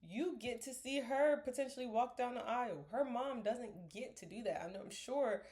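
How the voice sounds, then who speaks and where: Young woman talking to her camera, earnest and rambly, sips a smoothie, goes whispery sometimes. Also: fairly high pitch, moderate pace, a little mellow. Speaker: vlogger. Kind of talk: casual motivational talk to camera.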